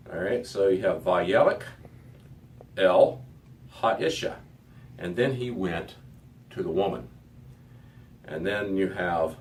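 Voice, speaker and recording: A middle-aged man teaching a Hebrew lesson to a class, methodical and repeating words as he goes. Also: low-pitched. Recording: distant mic with faint background noise.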